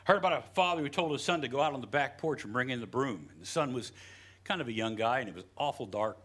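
A middle-aged pastor from West Virginia, preaching a sermon in a folksy, joking storytelling way with frequent "you know". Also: male voice, mid-range voice, animated, quick pace, a bit bright, breathy edge.

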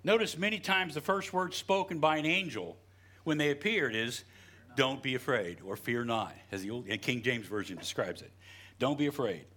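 Here the middle-aged West Virginian pastor sounds animated, his mid-range male voice pushed and bright at a normal speed. He preaches with jokes and homespun stories, peppered with "you know."

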